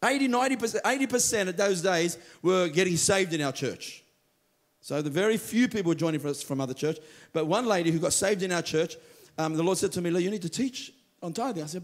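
Animated preaching pastor, man. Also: high voice, fairly quick. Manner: animated storytelling, acts out quoted voices. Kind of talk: sermon. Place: church.

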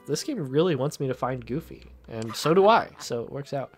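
A sarcastic man chatting through a game stream, swearing and laughing at himself. His pitch moves in a lively way. Faint music runs in the background. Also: a little fast, hardly any pauses. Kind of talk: casual game commentary.

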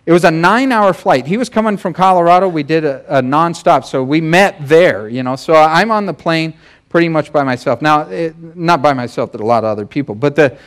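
A man in his thirties, a pastor, giving a sermon in a conversational, animated storytelling way. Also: fairly high pitch, a little fast.

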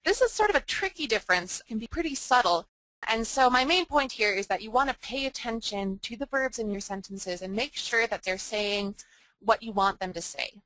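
Young woman tutor, bright dry voice, explanatory grammar lesson, leans on example words. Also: fairly high pitch, lively intonation, moderate pace, no echo, poor audio. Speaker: writing center tutor.

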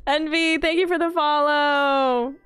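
Giggly young woman streamer, slow. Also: high voice, fairly bright tone. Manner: bubbly and giggly, quoting movie lines. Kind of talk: casual gaming stream chat.

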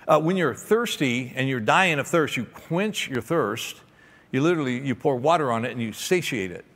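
Emphatic preacher in a reverberant hall. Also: male voice, mid-range voice, moderate pace. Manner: animated, emphatic storyteller. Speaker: pastor. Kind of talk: sermon. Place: large church auditorium. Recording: long hall reverb in a church.

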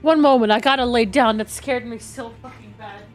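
Young woman gamer, high and lively, loud exasperated cursing, game music behind. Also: a little fast. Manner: loud, exasperated, swearing reactions. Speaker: gaming video creator. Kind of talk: let's play commentary.

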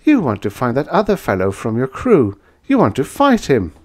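A sharp, prying woman in a bar pushes her questions in a raised, lively voice, as a man reading an audiobook puts her on. Her voice leaps high and swings around as she probes and frets. This is an audiobook character voice. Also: moderate pace. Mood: knowing. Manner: knowing, then jumpy and flustered.

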